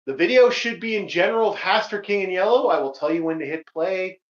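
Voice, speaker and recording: A man's voice: high-pitched, lively intonation, fast talker, highs cut off. A man hosting a casual group voice call, loose and joking, swearing casually, recorded on a home computer mic. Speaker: host.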